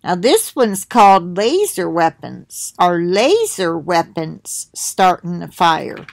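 A middle-aged woman talks slowly and unhurriedly to her viewers, wandering through asides as she reads out titles. Her voice sits at an ordinary pitch, recorded dry and close with little room sound. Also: big pitch swings, gravelly, dry recording. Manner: slow, rambling, reads titles aloud with asides. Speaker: video host sharing links. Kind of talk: casual monologue to viewers.

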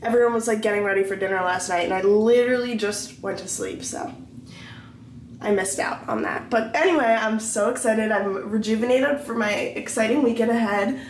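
A woman's voice: a little high, normal speed, a little hiss or hum. A young woman vlogging casually to her phone camera, gushing and upbeat as she talks through her festival trip. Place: festival trip: hotel, pool, outdoors.

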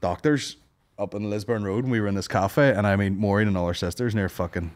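A man's voice: on the low side, fast. A young man with a Northern Irish accent, co-hosting a comedy podcast and telling rambling, sweary stories. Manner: rambling storyteller, swears a lot, puts on voices for quotes. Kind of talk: casual banter.

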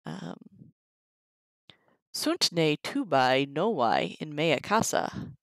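A woman reading through a Latin textbook on a live stream, sounding out the Latin slowly and chatting casually to viewers between sentences. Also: low-pitched, big pitch swings, vocal fry, fairly bright tone, no room sound, poor audio. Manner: reads Latin aloud slowly, chatty asides. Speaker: streamer teaching herself Latin.

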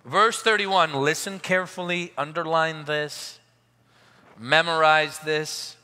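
A man preaching a live church sermon. He moves from quiet asides to loud, emphatic declarations and leads the congregation in call-and-response. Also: on the high side, fairly even intonation, slow, clear, resonant tone. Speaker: pastor. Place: large church hall at a live service. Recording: long reverb of a large hall.

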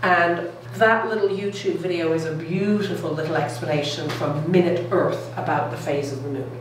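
A lower-voiced woman giving a lively public science talk, keeping the crowd with her through frequent "all right?" check-ins. She is recorded from a distance, with a strong echo in the room. Faint noise hums underneath. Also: normal speed. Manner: enthusiastic, keeps checking in with "okay?" and "all right?". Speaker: lecturer. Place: lecture room.

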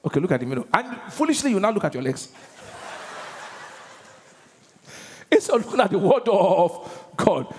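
Preaching emphatically, this Nigerian pastor keeps asking his congregation questions in a high-pitched, very animated voice that is slightly mellow, measured in pace, and marked by long pauses. He speaks in a large church auditorium, with the hall's long reverb and a faint hiss or hum on the recording.

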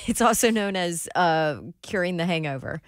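A woman's voice: on the low side, moderate pace, no echo, studio quality. A woman co-hosting a sports radio show, chiming in with short cheerful remarks. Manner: brief cheerful interjections. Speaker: radio co-host. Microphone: studio mic.

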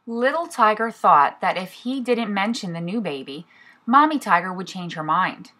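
Reading a picture book to little kids, this preschool teacher uses a lively storybook delivery. She speaks at a moderate pace with a medium pitch.

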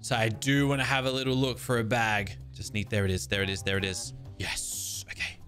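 Excitable young man with a bright voice. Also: on the low side, quick pace, faint music behind. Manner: excitable, jumpy reactions, exclamations. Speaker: game commentator. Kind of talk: casual let's-play commentary.

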